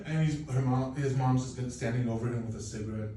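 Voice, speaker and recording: A man in his thirties, originally from Poland, doing a stand-up set with animated, profane, self-mocking storytelling. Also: mid-range voice, fast. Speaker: stand-up comedian. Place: comedy club. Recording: echoey club, distant mic, faint noise.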